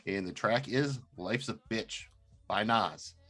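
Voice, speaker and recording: A man co-hosting a casual podcast, talking in a relaxed, rambling way. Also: on the low side, slow. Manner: relaxed, rambling, lots of fillers. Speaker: podcast co-host.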